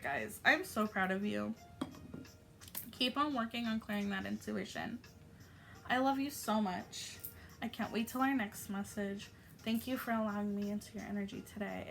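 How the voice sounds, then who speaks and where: Bright-voiced, affectionate spiritual woman. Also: mid-range voice, creaky. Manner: affectionate, encouraging, loose with fillers. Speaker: spiritual YouTube channeler. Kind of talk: casual spiritual message to viewers.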